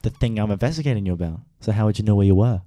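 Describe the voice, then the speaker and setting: Quick, playful man in a comedy skit. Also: on the low side, dark tone. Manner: quick, playful, often laughing. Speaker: playing a police interrogator. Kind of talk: improvised comedy role-play.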